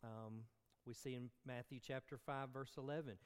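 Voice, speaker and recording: A man's voice: medium pitch, fairly even intonation, normal speed, smooth. Man preaching a sermon in a reverberant hall. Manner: earnest preaching with filler ums and self-corrections. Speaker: pastor.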